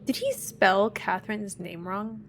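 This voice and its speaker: Gal streaming a puzzle game, talks slow, mumbles her guesses to herself. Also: medium pitch, slight background noise. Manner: muttering to herself, puzzling things out aloud. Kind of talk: casual live game commentary.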